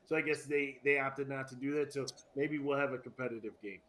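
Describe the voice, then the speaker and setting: A man co-hosting a casual sports podcast, talking with animated swings, repeating words and laughing at his own jokes. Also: mid-range voice, fairly quick. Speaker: podcast co-host.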